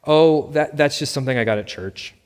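A man's voice: fairly high pitch, fairly quick, a little mellow, clear, resonant tone, lightly acted. A man voicing a sheepish, awkward divorced father who speaks hesitantly and with apologies, stumbling over his words. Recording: long reverb.

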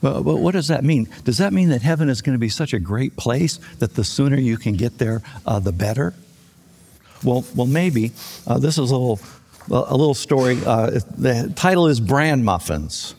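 A man's voice: mid-range voice, animated, normal speed, darkish tone, slight background noise. An older male pastor preaching a folksy, conversational sermon with light jokes. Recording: long reverb of a large hall.

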